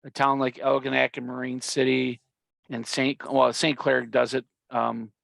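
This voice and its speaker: A male podcast host with a bright, gravelly voice asks long, meandering questions. The recording is dry and close, with no room sound. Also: medium pitch, flat delivery, moderate pace, no room sound. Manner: rambling questions, full of fillers. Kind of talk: casual podcast chat.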